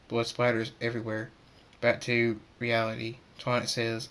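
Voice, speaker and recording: A man's voice: mid-range voice, monotone, bright, forceful tone, smooth. A man narrating an amateur fan-fiction story aloud, stumbling and restarting words as he reads. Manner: halting, with stammers and restarts.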